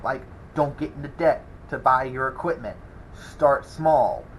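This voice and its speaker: Welder host, man, rambling casual vlog delivery, mid-pitched, faint noise behind. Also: unhurried, low-quality recording. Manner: rambling, chuckling, exasperated about a troll. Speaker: welding channel host. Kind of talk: casual vlog talk to camera.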